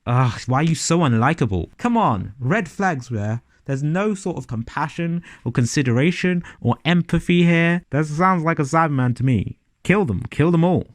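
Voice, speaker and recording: A man's voice: on the high side, expressive, moderate pace, hardly any pauses, dry recording. A man giving a casual, sarcastic and profane review of a TV episode.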